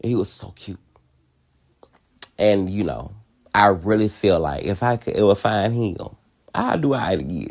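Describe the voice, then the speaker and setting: A man with a lowish voice tells a personal story on his podcast. He talks casually and candidly, swears freely and laughs often. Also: animated, a little slow, pauses often. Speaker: podcast host.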